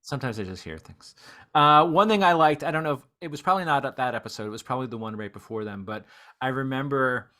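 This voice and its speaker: A man's voice: mid-range voice, quick pace. A man hosting a podcast who chats casually and laughs easily at his guest's stories. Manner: laughs easily, relaxed and conversational. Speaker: podcast host. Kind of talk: casual chat.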